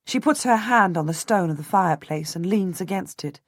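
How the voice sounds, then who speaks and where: Low-voiced woman narrating an audiobook. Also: expressive, moderate pace, no room sound, clean studio sound. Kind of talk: first-person scripted narration.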